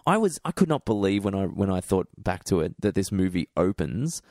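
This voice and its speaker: A young man co-hosting a casual film review podcast, animated and swearing freely. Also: deep voice, a little fast, dry recording, studio quality. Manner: animated, swears, does mocking voices. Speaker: podcast co-host.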